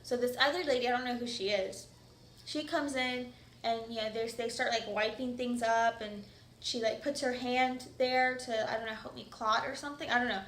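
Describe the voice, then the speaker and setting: A woman's voice: fairly high pitch, steady tone, moderate pace, fairly bright tone, a little hiss or hum. A young woman vlogger casually telling a personal story, chatty and full of "like" fillers. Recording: echoey room.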